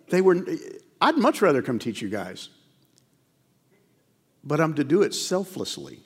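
A man's voice: on the high side, sing-song, measured pace, long pauses, breathy edge, big-room sound. A middle-aged man preaching a sermon in a church, earnest and conversational, full of rhetorical questions. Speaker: pastor. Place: church sanctuary.

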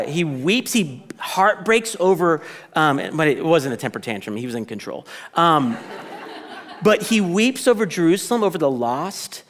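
A man preaching a sermon to a congregation in a conversational, animated way, often restarting his sentences and acting out quoted reactions. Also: on the high side. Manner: conversational, animated, self-interrupting, with playful quoted asides. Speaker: pastor.

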